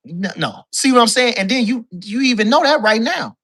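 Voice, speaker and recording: A man with a bright, forceful voice rants about boxing as a call-in guest. He swears freely and keeps repeating his points for emphasis. He sounds loose and heated. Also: extremely high pitch, animated, moderate pace, slightly rough. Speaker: guest caller, boxing commentator. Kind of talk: casual boxing talk rant.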